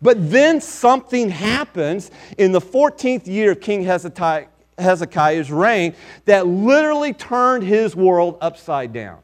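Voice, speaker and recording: Male preacher, high register, emphatic measured sermon delivery. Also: big pitch swings.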